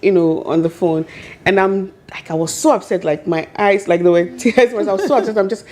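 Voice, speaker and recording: A woman on a webinar panel, telling stories about her business in a lively way and laughing often. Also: medium pitch, brisk. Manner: animated storyteller, laughs often. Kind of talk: casual panel discussion.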